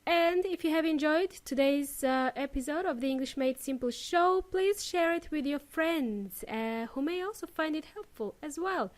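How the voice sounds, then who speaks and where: A woman hosting a podcast English lesson, demonstrating pronunciation clearly and signing off cheerfully. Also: high voice, moderate pace, few pauses. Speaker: podcast host and English teacher.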